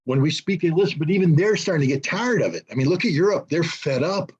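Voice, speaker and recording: A man's voice: fairly high pitch, expressive, quick pace, a little mellow, slightly rough, highs cut off. An older man giving blunt, sarcastic political commentary as an interview guest over a video call, with many ums and restarts.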